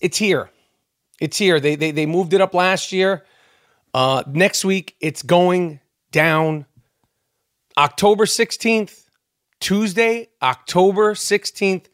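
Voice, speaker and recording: A man's voice: high voice, takes it slowly, pauses often, a bit bright, dry recording, studio quality. Profane, rambling male podcast ranter. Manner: profane, rambling, heated rant with stammers. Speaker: podcast host. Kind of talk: ranting monologue.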